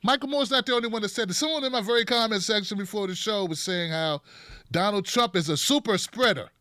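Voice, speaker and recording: A man hosting a comedic political commentary show, talking in an animated, sarcastic and profane way. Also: sits high, fast, no room sound, clean studio sound. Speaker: host.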